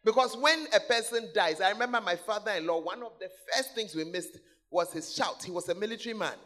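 A man preaching a sermon to a church congregation, calling out to the people in the seats and repeating key words, swinging between loud exclamations and low asides. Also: fairly quick. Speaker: pastor. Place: large church hall.

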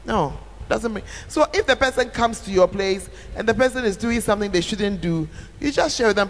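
At a church camp, a woman who leads a church fields questions in a reverberant hall, her mid-range voice brisk with hardly any pauses. She speaks animatedly, repeating herself for emphasis and acting out quoted speech, with a little hiss or hum on the recording.

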